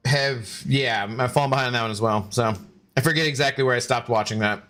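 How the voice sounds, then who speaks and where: A man's voice: medium pitch, quick pace, fairly bright tone. A man in his thirties chatting casually while streaming a game, rambling with many fillers and restarts. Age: 30s. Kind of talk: casual live-stream chat while gaming.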